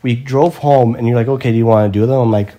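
A man chats through an everyday mishap in a relaxed, storytelling way. His voice is mellow and warm rather than bright. He pokes fun at himself and swears offhandedly. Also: mid-range voice, fast talker. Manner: animated, self-mocking, swears casually. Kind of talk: casual storytelling chat.

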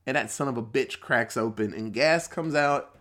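A young man talks through a movie plot in a loose, rambling podcast style. He backtracks and corrects himself mid-sentence and swears easily. When he quotes characters, he jumps up into higher, sillier voices. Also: moderate pace, fairly bright tone. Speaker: podcast host. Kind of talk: casual movie recap.

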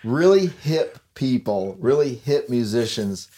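A podcast host who is also a musician chats casually in a mellow, medium-pitched voice, animated but unhurried. He rambles, pokes fun at himself, and laughs at his own jokes.

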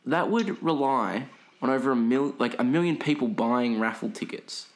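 A man's voice: mid-range voice, expressive, normal speed. Aussie young bloke on a podcast, swears a lot, acts out other people's voices in his story. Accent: Australian. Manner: profane storytelling with mimicked voices. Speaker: podcast co-host. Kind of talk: casual chat.

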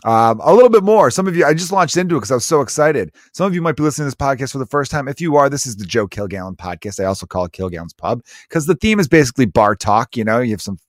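A man who is a comedian hosting his own podcast, telling stories in an animated, profane way with frequent laughter. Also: mid-range voice, very fast, few pauses, no room sound, clean studio sound. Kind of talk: casual comedic podcast monologue.

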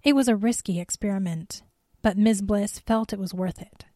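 Calm woman narrating a story. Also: mid-range voice, normal speed, no room sound, clean studio sound. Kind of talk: scripted narration.

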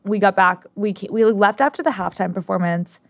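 Speaking a little fast in a mid-range voice, a twenty-something woman co-hosts a podcast, casually telling lively stories and performing the quotes. The recording is dry and studio quality.

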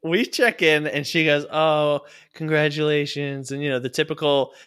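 A young man chatting casually, telling a story with lots of swearing and quick impressions of people he quotes. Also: a little high, expressive, fairly bright tone, smooth. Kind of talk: casual podcast chat.

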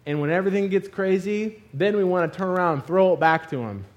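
A man preaching a sermon, telling a funny personal story and acting out the scenes with loud exclamations. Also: high voice, fast, lo-fi sound. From Arizona.

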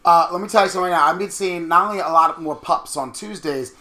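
Fast, bright-voiced man telling stories. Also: fairly high pitch. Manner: animated, quick storytelling with quoted asides. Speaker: podcast co-host. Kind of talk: casual chat.

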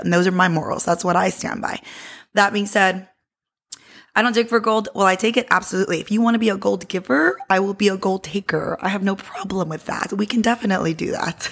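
A woman's voice: mid-range voice, creaky, fairly bright tone. A woman in her thirties hosting a podcast, telling a story from her own life in a casual, candid way and swearing freely. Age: 30s. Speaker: podcast host.

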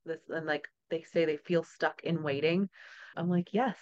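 A woman's voice: low voice, level tone, moderate pace, a little mellow, highs cut off. A woman hosting a podcast, talking casually and often laughing, with chatty storytelling asides. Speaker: podcast host. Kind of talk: casual interview chat.

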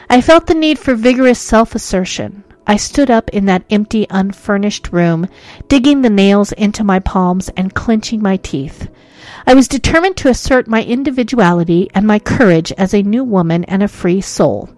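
A woman's voice: mid-range voice, normal speed, soft background music. Woman reading a ghost story. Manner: expressive, shifting between hushed and urgent. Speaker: narrator.

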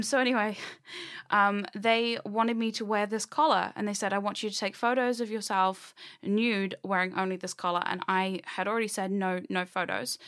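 A woman's voice: mid-range voice, fairly bright tone. A young woman telling a personal story in casual, rambling chat. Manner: chatty, rambling, quick asides with laughs.

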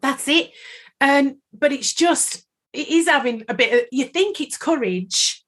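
A woman's voice: high-pitched, animated, unhurried, a bit bright. Chatty woman, emotional and rambling. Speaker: podcast co-host. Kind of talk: casual chat.

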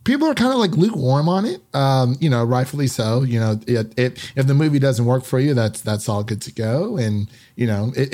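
A man's voice: medium pitch, a little mellow. A man hosting a film podcast in a casual, upbeat chat, full of fillers and restarts. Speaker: podcast host.

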